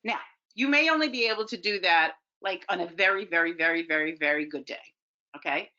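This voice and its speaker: A woman giving an informal talk to parents, lively, acting out lines and often checking in with "okay?". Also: fairly low pitch, fairly quick. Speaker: parenting educator. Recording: dull lo-fi audio.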